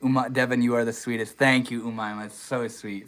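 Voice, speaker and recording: A man's voice: mid-range voice, a little fast, fairly bright tone, poor audio. Chill young guy streaming on his phone, reading chat, lots of dude and bro. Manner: laid-back, swears casually, says dude and bro a lot. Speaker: livestream host. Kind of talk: casual livestream chat reading comments. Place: outdoors in the desert.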